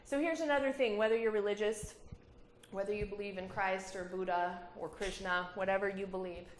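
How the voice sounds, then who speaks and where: Woman, thirties, lively storytelling, echoey hall, faint background ambience. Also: mid-range voice, fairly quick, slight background noise. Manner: animated, laughing storyteller. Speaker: guest speaker. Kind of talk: personal storytelling talk. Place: community hall.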